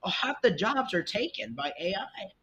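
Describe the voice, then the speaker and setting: A man's voice: big pitch swings, unhurried, a bit bright, slightly rough. Rambling young man on a muffled mic. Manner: rambling, opinionated, many fillers and restarts. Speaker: podcast host. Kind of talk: casual solo podcast chat. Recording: muffled lo-fi mic with faint rumble. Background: faint jazz music.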